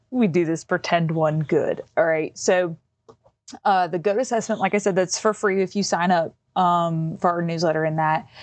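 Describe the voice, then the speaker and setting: At home, a middle-aged woman hosting a podcast explains a hands-on task in a casual, rambling manner packed with fillers. Her voice is fairly low in pitch, and the recording is dry.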